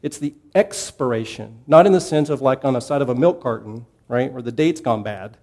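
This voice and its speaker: Mellow-voiced man teaching a Bible class. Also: mid-range voice, lively intonation, normal speed. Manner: conversational, asks the class questions, repeats key points.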